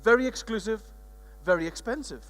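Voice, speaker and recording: A man's voice: high-pitched, a little fast, a bit bright. A man quoting a proud woman who owns an upmarket shop, told in an earnest, matter-of-fact way in his own voice. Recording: reverberant conference hall.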